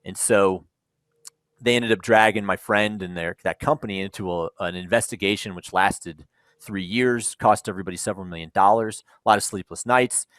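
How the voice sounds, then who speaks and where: A man's voice: on the low side, normal speed, fairly bright tone, no room sound. A man speaking on a panel, telling the story of a startup in a conversational way, with frequent ums, and acting out the people in it.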